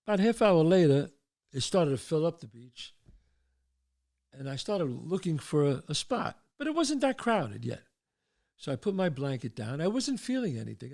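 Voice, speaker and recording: An older man from the Bronx, New York, hosts a show in a gravelly voice that sits on the high side. He tells stories casually and animatedly, acting out the voices of the characters.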